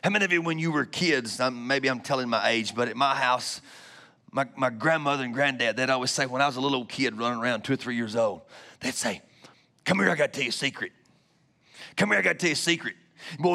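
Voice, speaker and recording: A man preaching a Pentecostal sermon, calling out to the congregation and swinging from loud shouts to hushed whispers. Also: mid-range voice. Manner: calls out to congregation. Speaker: pastor.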